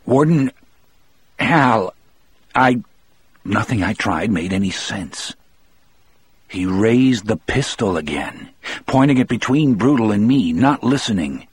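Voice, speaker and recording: A man narrating an audiobook in the first person, measured and reflective. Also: on the low side, animated, a little mellow, breathy edge, no echo.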